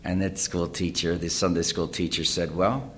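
A man preaching a sermon, reading scripture aloud and explaining it, rising to loud dramatic cries and often repeating phrases. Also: deep voice, steady tone, normal speed, slight background noise.

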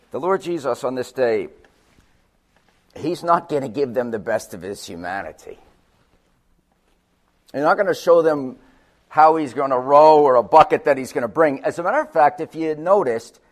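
A man preaching a sermon, moving between loud urgent peaks and quiet, low passages. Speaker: pastor.

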